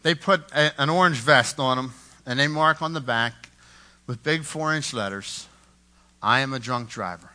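A man preaching a sermon, impassioned, rising to loud emphasis and dropping to a hush, repeating words as he builds a point. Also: mid-range voice, normal speed. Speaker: pastor.

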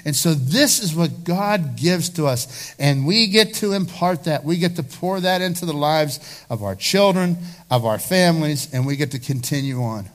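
A man's voice: fairly high pitch, lively intonation, normal speed. A male pastor preaching a sermon, impassioned, rising to pleading peaks.

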